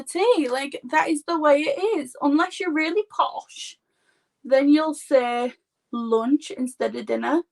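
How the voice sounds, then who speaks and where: Woman, Yorkshire accent, high voice, unhurried, rambling live-stream chat, thirties. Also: vocal fry. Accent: Yorkshire English. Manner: chatty and rambling, heavy use of "like". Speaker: makeup artist.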